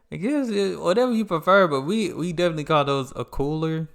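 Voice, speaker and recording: A man's voice: on the high side, quick pace, creaky, hardly any pauses. A man from the United States hosting a reaction channel, chatting casually in a laid-back, slangy way. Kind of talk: casual chat.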